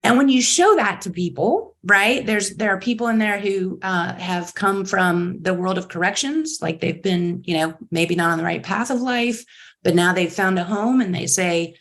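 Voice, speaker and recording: A middle-aged woman, a company chief executive, telling stories in an interview with lively enthusiasm and acting out the voices of others. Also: mid-range voice, moderate pace. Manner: enthusiastic, acts out quotes in bright voices. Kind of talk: animated interview storytelling.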